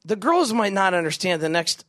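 A man in his forties telling a comedic story to a live audience, animated and jokey, putting questions to the crowd. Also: high voice, normal speed. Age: 40s. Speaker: camp speaker.

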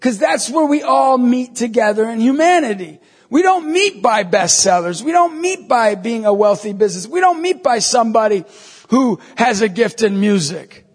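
A Catholic evangelist man giving an animated storytelling sermon, acting out dialogue with emphatic bursts. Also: extremely high pitch, normal speed, breathy edge, in a large hall.

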